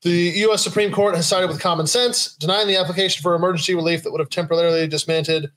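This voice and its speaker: A young man, hosting a casual live show, reading news items aloud in a relaxed way, with lots of fillers and laughs. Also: high voice, quick pace, a little hiss or hum, poor audio. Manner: easygoing, laughs often, trails off with fillers. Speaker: podcast host.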